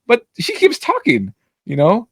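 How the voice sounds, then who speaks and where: A man co-hosting a podcast, telling a workplace story in casual chat, acting out quotes and cursing freely, with a voice he calls always loud. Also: measured pace, husky, dry recording. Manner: animated, acts out quotes with big pitch jumps and profanity; says his voice is always loud. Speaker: podcast co-host.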